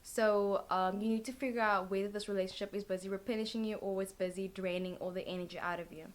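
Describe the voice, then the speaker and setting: A woman's voice: medium pitch, fairly even intonation, fast talker. Young female vlogger, tired, chatty tarot reader who rambles and leans on filler words. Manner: rambling, full of "like" and "literally" fillers. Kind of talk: casual chatty tarot reading.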